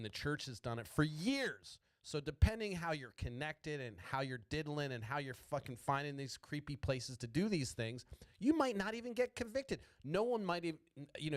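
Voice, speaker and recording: A man's voice: mid-range voice, no room sound. A man hosting a podcast, ranting about politics in a profane, rambling way and stuttering often. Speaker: podcast host.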